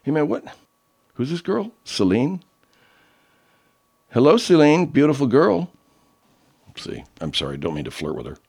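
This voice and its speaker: Male host, low and lively voice, loose laid-back chatter, swears freely. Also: brisk, husky. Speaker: show host playing listener submissions. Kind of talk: casual chat.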